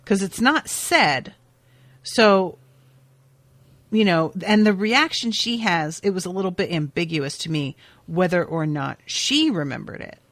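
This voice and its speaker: A podcast host, a woman with a deep voice, gives a casual, chatty recap of a TV episode, full of expression and sprinkled with swearing. The recording has no echo.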